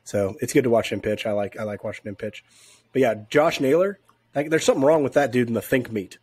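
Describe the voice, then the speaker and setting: A man's voice: medium pitch, fast, a little mellow, husky, no room sound. A man co-hosting a sports podcast from home, sick and congested, chatting in a laid-back, rambling way. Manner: laid-back, laughs often, rambling asides. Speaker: podcast co-host. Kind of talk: casual sports chat.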